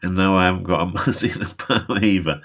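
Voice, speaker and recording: A man with a deep yet bright, forceful voice, talking in a loose, rambling way. He laughs a lot and swears constantly as he chats on a live stream. It sounds like a video call. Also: level tone, racing, vocal fry, muffled recording. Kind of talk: casual chat.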